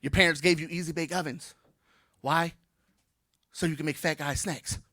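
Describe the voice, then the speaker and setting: Brash stand-up comic, bright voice. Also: male voice, fairly high pitch, steady tone, normal speed, no room sound, studio quality. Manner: brash, playful, crowd-teasing. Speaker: stand-up comedian. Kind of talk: stand-up comedy set. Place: comedy venue stage.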